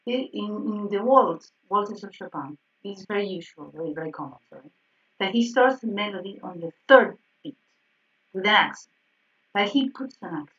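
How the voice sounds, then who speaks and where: A woman piano teacher explaining harmony exercises in an online group lesson, checking in with frequent "yes?" and soft laughs. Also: mid-range voice, expressive, normal speed. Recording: slightly dull, distant online call audio.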